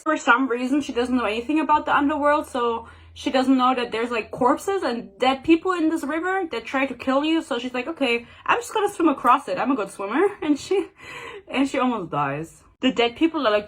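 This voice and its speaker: A woman's voice: on the high side, a bit bright. Chatty sarcastic young woman ranting. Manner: sarcastic, chatty, dramatic asides. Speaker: book reviewer. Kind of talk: casual book rant.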